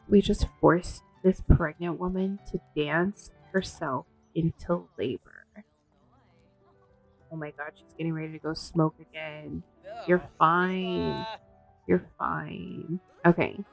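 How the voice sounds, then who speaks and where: A woman commentating casually on her own gameplay, gasping and voicing the characters in quick asides. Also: low voice, steady tone, gravelly, soft background music, low-quality recording. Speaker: gameplay streamer. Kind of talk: casual let's-play commentary.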